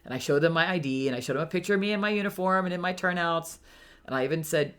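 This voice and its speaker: A woman's voice: sits low, fast talker. An older woman, a retired firefighter, telling travel stories in a casual interview and acting out the voices of people she met. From Hawaii, United States. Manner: animated, acts out quoted voices. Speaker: interview guest. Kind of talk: casual storytelling.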